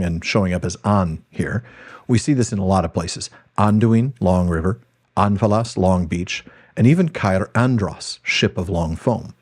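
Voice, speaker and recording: A man with a low, husky voice walks through poems as a podcast host. He explains in a measured, lecturing way and reads passages aloud. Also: darkish tone. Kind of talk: podcast lecture and book reading.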